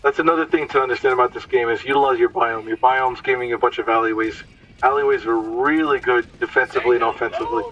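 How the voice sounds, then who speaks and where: A man's voice: medium pitch, fairly even intonation, fast talker, distant mic, highs cut off. A man giving casual, explanatory commentary over his gameplay, sometimes stumbling over words.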